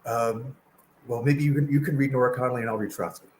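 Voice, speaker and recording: A man's voice: medium pitch, fairly even intonation, fast, a little mellow, slight background noise, low-quality recording. A man talking as a guest in a casual political discussion over a video call, hesitant with many fillers and restarts.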